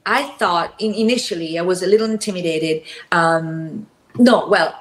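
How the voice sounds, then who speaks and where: A woman speaking as a guest actress in a casual interview, telling a story with animated voices and frequent laughter. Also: lowish voice, moderate pace, roomy sound, poor audio.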